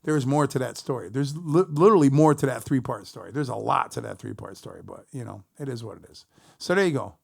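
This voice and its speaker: A middle-aged male musician rambles through a long, profane story for his stream chat, casual and animated. His voice is medium in pitch, fast, and creaky.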